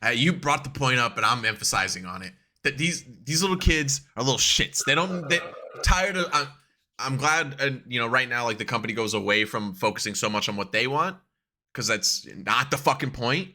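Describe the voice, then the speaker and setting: Young male co-host, bright voice, animated ranter, loose and profane. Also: mid-range voice, normal speed. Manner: animated ranting, swears a lot, laughs often. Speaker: podcast co-host. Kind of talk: casual chat.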